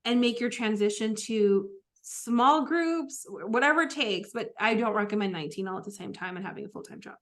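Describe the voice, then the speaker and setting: A woman coach in a casual podcast interview, telling lively stories, swearing now and then and calling her listeners y'all. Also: medium pitch, fairly quick, hardly any pauses. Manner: animated storyteller, swears, addresses listeners as y'all. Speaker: life coach guest.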